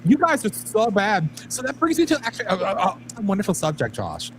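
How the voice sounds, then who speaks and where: A man co-hosting a talk radio show, animated and profane, sounding exasperated. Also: high-pitched, a little fast, over a noisy crowd, rough recording. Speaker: radio co-host. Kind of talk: casual political talk.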